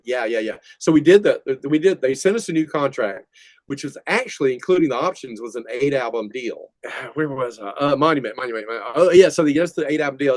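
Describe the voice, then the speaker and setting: A man's voice: mid-range voice, no echo. An older man, a metal musician guest, telling rambling stories in a casual interview and laughing often. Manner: rambling, laughing, animated retelling.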